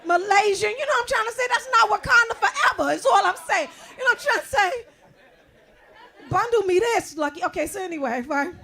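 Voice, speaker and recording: A middle-aged woman doing a bawdy stand-up set, chatty and swinging from loud outbursts to low asides. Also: lively intonation, fairly quick, gravelly, a faint crowd. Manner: bawdy, conversational, swings between loud shouting and low mutters. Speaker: stand-up comedian.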